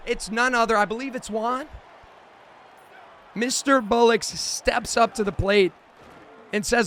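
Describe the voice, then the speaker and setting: A young man calling the action with a high, bright, sharp voice, giving hyped play-by-play game commentary. He swings between quick, chatty recaps and loud, excited shouts. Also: a little hiss or hum. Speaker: gaming streamer.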